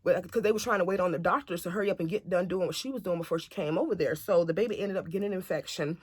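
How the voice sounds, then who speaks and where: A woman telling a family story to camera in a casual, animated way, acting out what others said. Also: fairly low pitch, racing, breathy edge, no echo, studio quality. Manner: chatty, animated retelling that acts out other people's lines.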